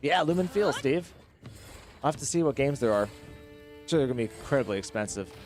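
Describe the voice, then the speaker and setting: Streamer, male, chatty and excitable, game music faintly under. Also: medium pitch, fairly quick. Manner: chatty, reads chat, excitable. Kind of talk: live gameplay commentary.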